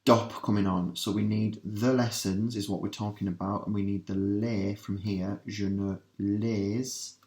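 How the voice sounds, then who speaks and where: A man teaching a revision lesson, working through translations step by step and asking his students quick questions. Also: fairly low pitch, little pitch movement, darkish tone. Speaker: language teacher. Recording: roomy echo.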